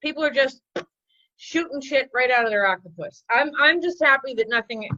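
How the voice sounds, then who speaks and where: Deadpan comedian lady, 40s, rambling, lo-fi dull audio. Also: sits high, normal speed, no room sound. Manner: deadpan, rambling, self-mocking. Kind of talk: stand-up bits in a chat.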